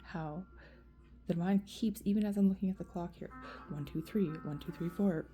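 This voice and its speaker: A woman's voice: lowish voice, moderate pace, mellow, soft background music. A woman vlogger venting in a rambling, profane rant to camera, full of fillers.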